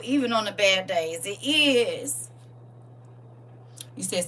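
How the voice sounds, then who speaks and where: A woman who founded a school, speaking to a live audience, moving from hushed talk to emotional shouts and close to tears. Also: medium pitch, animated, takes it slowly, long pauses, a little hiss or hum, low-quality recording. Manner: emphatic, swinging from hushed to shouting. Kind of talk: live testimony address to an audience.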